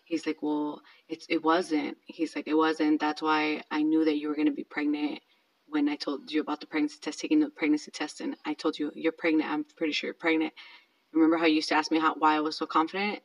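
A woman's voice: low voice, completely flat delivery, brisk, poor audio. A woman in her thirties telling a personal story in a casual, chatty way, with lots of fillers. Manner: chatty, filler-heavy, self-conscious.

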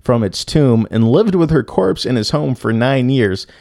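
A man's voice: medium pitch, expressive, a little slow, creaky, crowd noise. A young man hosting a casual true-crime podcast, joking and swearing as he tells the story. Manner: joking, profane, playful, breaks into silly singing. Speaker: podcast host.

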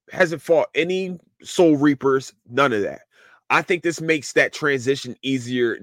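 Man, podcast host, casual chat, rambling, animated, dry room. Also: medium pitch, no room sound. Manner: rambling, animated, swears freely. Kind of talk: casual anime recap chat.

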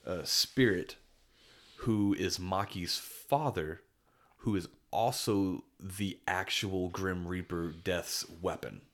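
A man's voice: sits low, slow pace, a bit bright. A man co-hosting a podcast, chatting casually and enthusiastically, rambling with many restarts. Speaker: podcast co-host. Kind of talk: casual chat.

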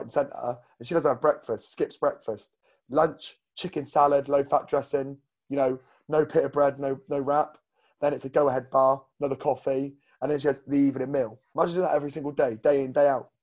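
A man's voice: medium pitch, fairly even intonation, fairly quick, a little mellow. A man co-hosting a casual fitness podcast as a coach, blunt and rambling with lots of fillers.

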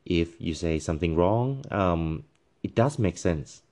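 A male language teacher patiently explaining tones, halting with frequent fillers and demonstrating each tone by voicing syllables and musical notes. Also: low voice, lively intonation, a little mellow. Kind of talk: tone pronunciation lesson.

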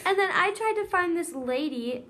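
A high-pitched teenage girl talks casually with a friend, giggling often and filling her sentences with "like". A faint hiss sits under her voice. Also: expressive, normal speed. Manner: giggly, chatty, says "like" a lot. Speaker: student co-host. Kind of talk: casual chat.

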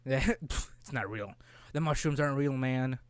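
Young guy, rambling and profane game chat, smooth tone, acts out bits of dialogue. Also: medium pitch, dry recording. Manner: rambling, profane, acts out characters in quick voices. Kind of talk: casual chat about a video game.

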